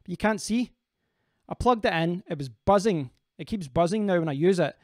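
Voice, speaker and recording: A man's voice: sits high, animated, moderate pace, a little mellow, dry recording, clean studio sound. A man hosting a casual live stream, rambling as he answers viewers' comments and often restarting his sentences.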